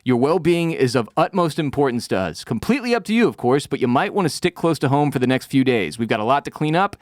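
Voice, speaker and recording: A man putting on the voice of a calm, overly polite middle-aged male official, speaking in a soothing, reassuring way while retelling a scene. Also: mid-range voice, fast, no echo, studio quality, close to an everyday voice. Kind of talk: acted quote in a podcast recap.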